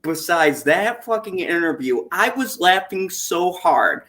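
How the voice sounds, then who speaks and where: A man hosting a casual live-stream chat, talking in an animated, profane way and laughing often. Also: high voice, a little slow. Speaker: stream host.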